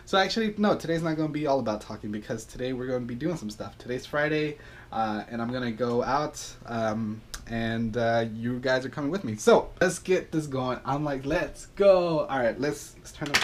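A man's voice: medium pitch, lively intonation, fairly quick. A young man vlogging to camera, upbeat and rambling, with lots of fillers, first at home and then driving in his car. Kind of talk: casual vlog talk to camera.

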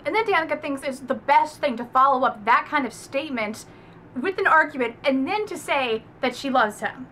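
A young woman gushes through a casual book review, emphatic and quick to swear. Her voice is high and bright. A faint hum sits under the recording. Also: animated.

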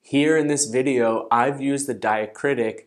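A man teaching a language lesson, explaining things step by step in a clear, methodical way and saying example words slowly and carefully. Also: mid-range voice, steady tone. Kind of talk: scripted online language lesson.

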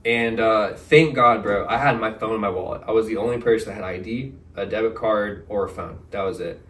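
A young man, a podcast guest, telling a story in a casual, animated way, full of slang. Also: fairly low pitch, a little fast. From Texas. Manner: animated, slangy, says "bro" and "like" a lot. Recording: roomy, mic at a distance.

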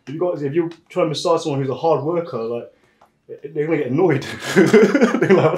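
A man's voice: a little high, normal speed, darkish tone, reverberant, poor audio. Laughing, slangy male massage therapist. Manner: laughs often, loose slangy storytelling. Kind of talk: casual chat while giving a massage.

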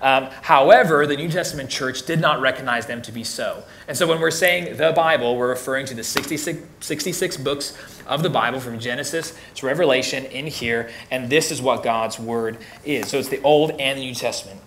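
A man's voice: mid-range voice, fairly quick, fairly bright tone, a little hiss or hum. A young man teaching as a youth pastor in a casual, joking way, often repeating words as he restarts sentences. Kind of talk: casual teaching talk to teens.

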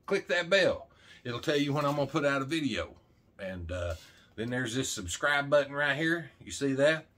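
A man's voice: medium pitch, big pitch swings, normal speed, bright, forceful tone. A middle-aged man from Arkansas, chatting casually and rambling as the host of his own vlog, folksy and jokey. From Arkansas, USA. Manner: folksy, jokey, talks straight to camera with a lot of "man". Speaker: channel host.

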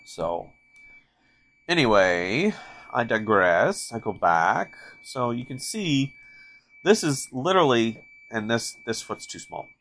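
Casual male host, mid-pitched, talks through his sketching in a low-key, rambling way. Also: sing-song, slow, fairly bright tone. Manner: rambling, chatty, self-interrupting. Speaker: artist and channel host. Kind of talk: casual drawing tutorial narration.

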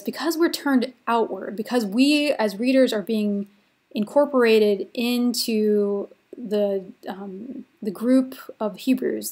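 Chatty woman lecturer, fairly high voice. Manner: chatty, informal, many "like" and "kind of" fillers. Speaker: literature lecturer. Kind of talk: recorded online lecture.

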